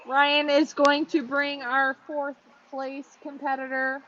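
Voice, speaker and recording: A woman's voice: sits high, monotone, slow pace, bright, forceful tone. A woman hosting a live stream, candid and chatty, laughing often. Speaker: stream host. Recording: muffled audio with faint noise.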